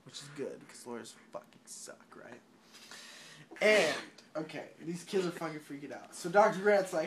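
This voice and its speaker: Drunk young man rambling, lively pitch. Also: moderate pace. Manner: rambling, swearing, laughing, restarting. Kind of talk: drunken movie retelling.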